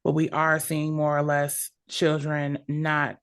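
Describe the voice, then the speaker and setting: A woman in her thirties speaks in a low voice with a lot of gravelly fry. She hosts an interview and talks in a thoughtful, measured way. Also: monotone. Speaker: host. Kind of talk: casual interview.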